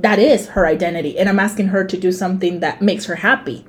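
Animated young woman telling stories. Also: medium pitch, quick pace. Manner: animated storyteller, swears, mimics her mother. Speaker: podcast co-host. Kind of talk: casual podcast chat.

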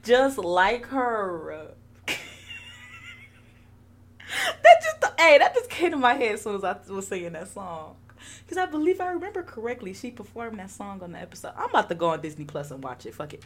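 A woman's voice: medium pitch, fairly quick. A young woman hosting a podcast, chatting casually with lots of laughter and swearing. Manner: animated, laughing, profane. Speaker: podcast host.

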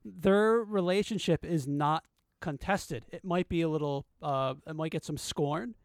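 A higher-voiced man co-hosting a book podcast. He talks casually and often stops to hunt for the right word. The sound is close and dry. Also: measured pace, no room sound. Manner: hesitant, searches for words. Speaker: podcast co-host. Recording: dry close mic, remote call.

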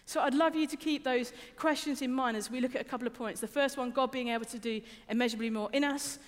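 A woman's voice: high-pitched, fairly even intonation, quick pace. A young adult woman giving a conversational sermon, informal and personal, often repeating words and asking the listeners questions. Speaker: preacher. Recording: reverberant hall.

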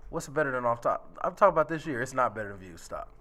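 A man with a bright, sharp voice, talking fast with lively swings. He co-hosts a podcast and keeps pressing the others with pointed questions. His tone stays pushy and casual. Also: mid-range voice. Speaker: podcast co-host. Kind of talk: casual chat.

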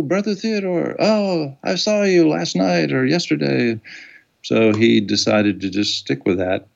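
A man's voice: lowish voice, gravelly, darkish tone, muffled recording. A man, a documentary filmmaker, telling rambling anecdotes in an interview and acting out the quotes. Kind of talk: casual storytelling in an interview.

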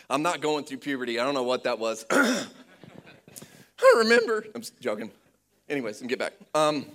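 A man preaching a sermon to a congregation, moving between loud fervent preaching and hushed storytelling, with playful asides. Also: medium pitch. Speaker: pastor. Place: church before a congregation.

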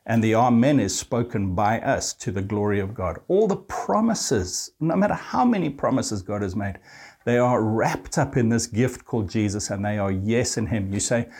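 A man preaching a sermon, speaking directly to his listeners and quoting scripture, slowing down and lifting his pitch on key phrases. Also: lively intonation, slightly rough. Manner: warm pastoral address to listeners, quoting scripture.

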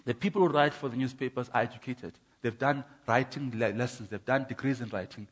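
A man's voice: medium pitch, fairly quick, husky. Emphatic preacher man. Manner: emphatic, rhythmic contrasts, stammering repeats. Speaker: preacher giving his testimony. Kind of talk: sermon. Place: church.

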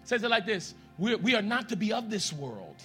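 A man preaching a sermon in a church as pastor, talking straight to the congregation and leading them in prayer, swinging from hushed lines to loud, emphatic ones. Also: high-pitched, big pitch swings, moderate pace, soft background music. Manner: addresses the congregation directly, leads them in prayer.

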